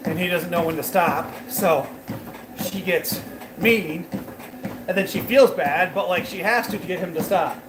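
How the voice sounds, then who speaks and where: A high-pitched man chats with viewers while he walks on a treadmill at home, rambling and loose with plenty of fillers. His voice bounces around an echoey room. Steady noise hums behind him. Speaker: fitness livestreamer. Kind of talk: casual chat while working out, talking to viewers.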